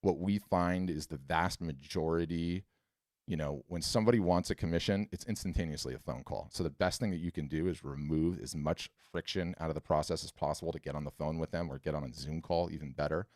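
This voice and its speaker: A man with a very deep, low voice hosts a live webinar and answers viewers' questions. He talks bluntly and emphatically, with animated asides. The sound is close and dry, with no room echo. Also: brisk.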